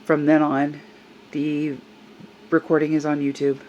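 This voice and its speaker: A woman's voice: low voice, monotone, a little slow, a little mellow, muffled recording, a little hiss or hum. An older woman tells a personal story in a vlog, earnest and upset as she recounts what happened. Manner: upset, earnest retelling with quoted voices. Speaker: service dog handler.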